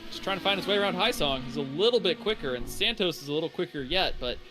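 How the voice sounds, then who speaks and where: A male color commentator with a slightly high voice breaks down drag, tire wear and racing lines during a sim race broadcast. He talks in an analytical, explaining way. Loud music runs underneath. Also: animated, fast. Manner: analytical, explains car handling in detail.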